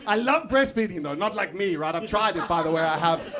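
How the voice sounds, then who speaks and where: A man doing live stand-up on a comedy club stage, swinging from muttered asides to shouted outbursts. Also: high-pitched, animated, fairly quick. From South Africa. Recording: live club recording with crowd laughter. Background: audience laughter.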